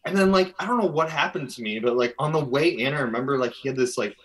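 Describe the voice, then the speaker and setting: A man's voice: medium pitch, fast talker, a bit bright, poor audio. A man from Minnesota, a guest telling a long personal story in a casual interview, full of fillers and restarts. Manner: rambling, filler-heavy, earnest.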